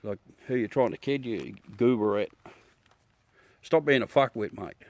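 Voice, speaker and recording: A middle-aged Australian man hosts a livestream, chatting casually and bluntly with viewers, swearing and calling everyone mate. His mid-range, darkish voice moves at a normal speed, with a bit of hiss or hum in the recording.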